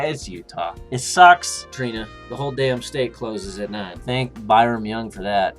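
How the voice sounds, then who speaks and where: A man's voice: fairly low pitch, animated, a little slow, hardly any pauses, a bit bright, faint music behind. A man reading customer reviews aloud and mocking them with sarcastic comedy, sliding into silly voices.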